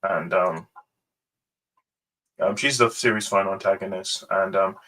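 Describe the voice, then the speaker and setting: Rambling low-voiced man, far from mic. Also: measured pace, a bit bright. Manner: rambling, hesitant, many ums. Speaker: host. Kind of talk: casual ranking review.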